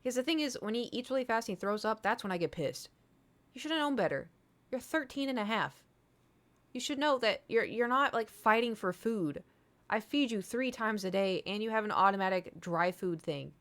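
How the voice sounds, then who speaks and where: A woman's voice: fairly high pitch, lively intonation, normal speed, fairly bright tone. Chatty woman streamer telling a rambling story. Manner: rambling, filler-heavy, candid and profane. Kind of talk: casual storytelling to chat.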